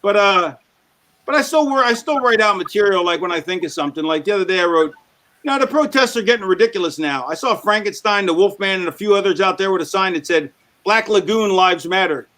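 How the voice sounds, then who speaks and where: A man with a notably high speaking voice and a bright, sharp edge to it. He talks casually as a podcast guest. He rambles and restarts his sentences. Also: animated, fast. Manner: rambling, trips over his words. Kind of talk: casual chat.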